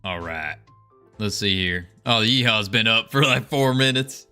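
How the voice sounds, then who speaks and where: Man, casual livestream talk, slow and rambling, bright tone, thinking aloud. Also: fairly low pitch, clear, resonant tone, soft background music. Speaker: game developer streaming. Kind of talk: casual livestream chat while coding.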